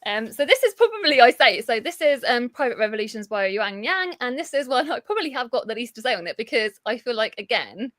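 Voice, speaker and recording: A woman's voice: on the high side, sing-song, fast, hardly any pauses, fairly bright tone, no room sound, studio quality. A woman co-hosting a live book chat, talking casually with frequent laughs and restarts. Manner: chatty and giggly, full of restarts. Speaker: co-host of a book livestream.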